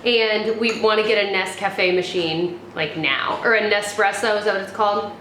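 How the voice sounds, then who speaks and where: A young woman from the United States reviews beauty products casually, her medium-pitched, slightly bright voice fairly even and at normal speed. The beauty vlogger rambles chattily with frequent fillers and restarts. Faint background noise and room echo are present.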